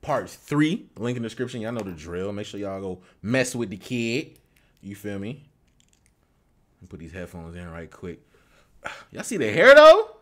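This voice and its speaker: A young man hosting a reaction video, talking loudly and excitedly in casual slang. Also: on the low side, measured pace, pauses often. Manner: loud, excitable slangy talk.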